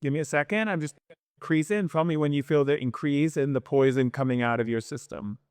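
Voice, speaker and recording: Man with a smooth, resonant voice. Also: on the high side, quick pace, dry recording, studio quality. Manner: chants in invented-sounding syllables, calm directive tone. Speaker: shaman. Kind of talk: live energy healing session.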